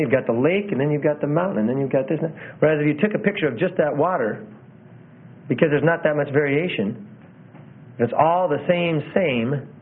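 A man teaching about sermon delivery in a conversational way, often repeating phrases and correcting himself. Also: on the high side. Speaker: preaching instructor. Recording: tinny phone-like audio.

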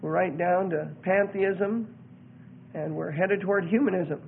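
A man's voice: high voice, measured pace, gravelly, slightly rough. A man teaching on religion in an earnest sermon style, reading out passages and commenting on them. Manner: earnest, reads out and comments, acts out quoted voices. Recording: narrow phone-like radio sound.

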